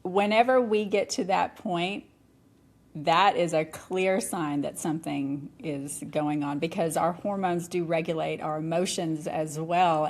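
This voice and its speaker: A middle-aged woman talking candidly on a podcast, animated and often laughing. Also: lowish voice. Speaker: podcast guest. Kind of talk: conversational podcast talk.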